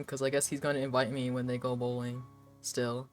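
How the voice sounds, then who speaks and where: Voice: mid-range voice, normal speed. Rambling young streamer, faint music behind. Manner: rambling and animated, heavy filler words, frequent laughs, swearing. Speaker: live streamer. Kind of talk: casual chat while drawing on stream, answering viewers.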